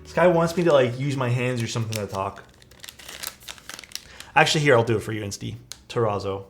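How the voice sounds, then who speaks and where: A man's voice: medium pitch, lively intonation, a little fast, fairly bright tone, slight background noise. A young man chatting casually with his live-stream chat while building a keyboard, laid-back and self-deprecating, reading messages aloud.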